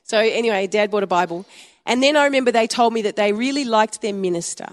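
A woman's voice: medium pitch, quick pace. A woman in her fifties with an Australian accent, preaching a sermon in a chatty storytelling way with frequent chuckles. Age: 50s. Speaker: pastor. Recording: long hall reverb.

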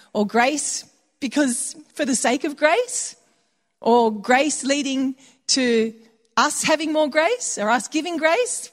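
A woman preaching a sermon in a conversational way, slipping into quoted voices for little asides. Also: high-pitched. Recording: long hall reverb.

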